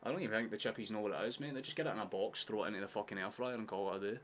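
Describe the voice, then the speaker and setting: Casual male watchalong host, low and punchy, swears freely. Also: rapid-fire, slight background noise. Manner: laid-back, swears often, sudden shouts at chances. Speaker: streamer hosting a football watchalong. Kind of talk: casual live watchalong chat.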